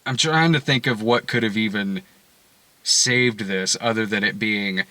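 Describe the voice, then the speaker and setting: Sarcastic male film reviewer, bright edge, dry close sound. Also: fairly low pitch, a little slow, no echo. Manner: sarcastic, animated, mocking quotes in put-on voices. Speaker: movie reviewer co-host. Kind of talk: casual review chat.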